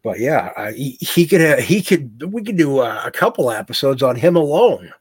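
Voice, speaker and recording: A man co-hosting a podcast, speaking in a measured, casual way with fillers like "you know" and "uh.". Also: medium pitch, big pitch swings, breathy edge, dry recording. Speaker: podcast co-host. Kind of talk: casual conversational chat.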